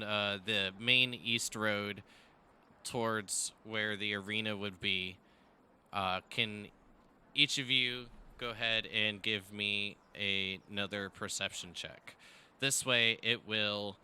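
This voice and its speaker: Game master, male, crisp bright voice, hesitant filler-heavy delivery over a voice call. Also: lowish voice. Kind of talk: running a tabletop game over voice chat.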